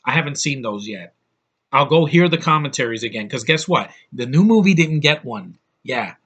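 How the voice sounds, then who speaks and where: A man's voice: medium pitch, lively intonation, normal speed, a bit bright, husky, highs cut off. A man ranting bluntly on a vlog, frustrated and exasperated, swearing often. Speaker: YouTube vlogger. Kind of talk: angry opinion rant.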